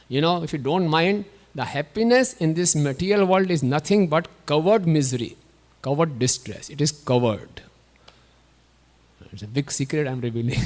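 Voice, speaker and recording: A man giving a devotional sermon in a temple, telling stories with animated acted-out voices and laughs. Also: on the high side. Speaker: guest speaker at a temple. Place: temple hall. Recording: long hall reverb.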